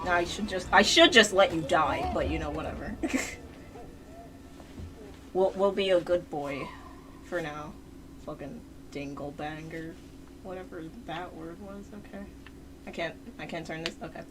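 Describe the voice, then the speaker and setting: A woman's voice: deep voice, a little slow, long pauses, noisy background. A woman streaming a video game live, talking to her chat and the game character, shrieking and swearing at every death. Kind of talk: live gameplay commentary. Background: game music.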